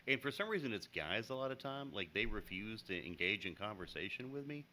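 A man from the United States chats on a podcast in a low voice with a bright, forceful edge. He is animated and quick to laugh, breaking into little impressions of the people he describes. A faint hiss of noise sits under his voice. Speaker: podcast co-host. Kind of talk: casual chat.

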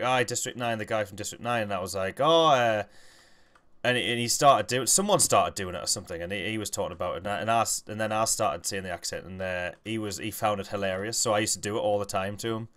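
A man's voice: on the low side, fairly quick, a bit bright. A man giving casual commentary while he plays a game, often muttering to himself and rambling into stories. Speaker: gaming channel host.

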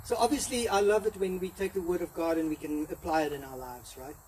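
High-pitched guy preaching a sermon, animated, voices the characters, mic a bit far off, faint hiss. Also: fast. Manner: animated, acts out the story in voices. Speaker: pastor. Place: church hall.

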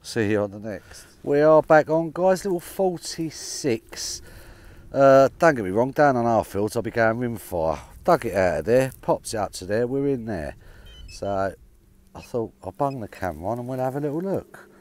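A man's voice: mid-range voice, lively intonation, normal speed, darkish tone. A man filming his own metal detecting outdoors in a field, chatting upbeat and casually to his viewers. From England. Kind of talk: casual outdoor vlog commentary. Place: open farm field outdoors.

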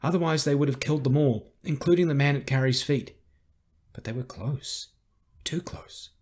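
Husky male audiobook narrator. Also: mid-range voice, a little mellow. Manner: measured, tense storytelling. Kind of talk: scripted narration.

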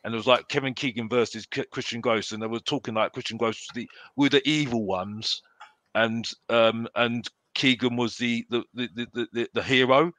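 A man's voice: mid-range voice, fairly even intonation, moderate pace, fairly bright tone, dry recording. A man chatting casually as a fan panelist, rambling with many restarts and repeated phrases.

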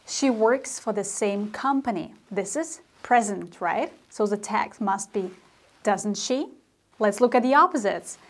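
A woman teaching a grammar lesson, explaining slowly and deliberately with spoken example sentences. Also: medium pitch, expressive. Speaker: language teacher.

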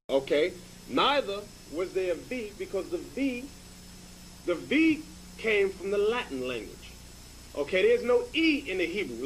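Emphatic man teaching, lively high voice. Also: a little hiss or hum, rough recording. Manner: emphatic, repeats "okay?" to check understanding. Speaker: religious teacher. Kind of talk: informal Bible teaching.

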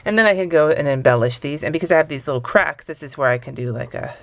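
A woman's voice: low-pitched, fast, gravelly, few pauses. A young adult woman teaching hand lettering in a casual, offhand, self-deprecating way while she draws. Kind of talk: casual tutorial talk while drawing.

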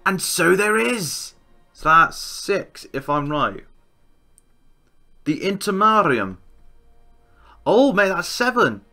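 A man commentating a strategy game he is playing, excitable and swearing, with outbursts of disbelief. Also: high voice, takes it slowly, pauses often, faint music behind. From England. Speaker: gaming YouTuber. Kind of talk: Let's Play commentary.

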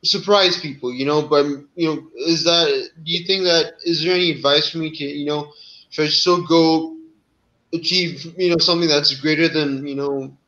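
A man calls in over dull, lo-fi video call audio. His voice is bright and forceful, but he speaks hesitantly and excitedly, with many fillers. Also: on the high side, normal speed. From Pakistan. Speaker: caller.

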